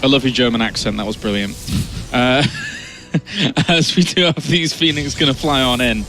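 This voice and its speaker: A man calling the action of a live esports match, trading quick banter with his co-caster. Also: mid-range voice, fairly bright tone. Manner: play-by-play, upbeat banter with co-caster. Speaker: esports commentator. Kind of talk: live game commentary.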